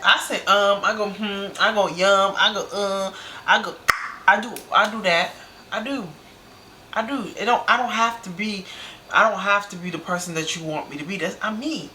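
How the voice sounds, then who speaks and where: Fired-up woman reacting, bright voice. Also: mid-range voice, normal speed, slight background noise. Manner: animated, fired up, slangy. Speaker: reaction video host. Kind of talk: casual reaction commentary.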